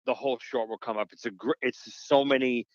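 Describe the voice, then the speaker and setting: A man's voice: mid-range voice, steady tone, fast, no echo. A man chats as a podcast guest, telling a long story full of restarts and asides. The audio is dry and close, with a slightly dull, lo-fi edge. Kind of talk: casual podcast interview.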